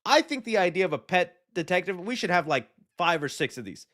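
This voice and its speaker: A man hosts a live movie talk stream, with a voice pitched a little high for a man. He rambles casually and jokes with his chat, often stopping mid-thought to restart. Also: very animated, fairly quick, fairly bright tone. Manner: rambling, joking, reads and answers chat, hesitant restarts. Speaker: host of a live movie news show.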